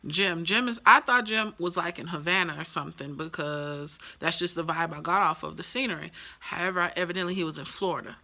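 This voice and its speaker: A woman talking casually and with enthusiasm, reviewing a TV episode with chatty, animated asides. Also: lowish voice, brisk, hardly any pauses.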